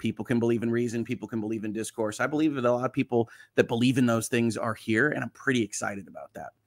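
A man's voice: medium pitch, fast, creaky. A man hosting a livestream, reading viewer comments aloud with a reassuring, joking manner. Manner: reassuring, joking, lively swings in loudness. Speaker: livestream host.

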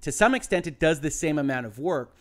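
A man who is a lawyer giving measured, methodical commentary and explaining his reasoning step by step. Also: a little high, lively intonation. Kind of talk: analytical legal commentary.

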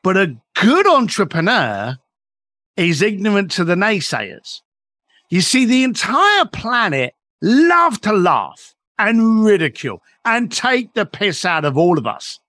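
A man's voice: sits high, sing-song, unhurried, bright, forceful tone, no room sound, studio quality. A middle-aged man, a podcast guest telling motivational stories in an emphatic way and swearing freely. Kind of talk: motivational storytelling.

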